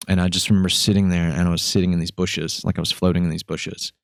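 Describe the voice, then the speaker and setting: A man hosting a podcast, telling a story in a casual, animated way, acting out voices and swearing freely. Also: sits low, very fast, few pauses, dry recording, studio quality. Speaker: podcast host.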